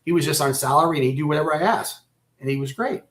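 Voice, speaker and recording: A man telling his own story as a radio guest, halting and repeating himself, close to breaking down. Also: fairly high pitch, fairly bright tone. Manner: halting, repeats and restarts phrases. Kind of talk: personal storytelling in a radio interview.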